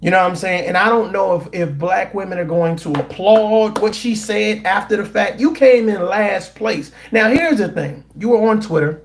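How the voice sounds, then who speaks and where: A man giving opinionated commentary to a live chat, incredulous and animated, often repeating himself and restarting his sentences. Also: sits high, normal speed, creaky, few pauses, a little hiss or hum. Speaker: commentary vlogger.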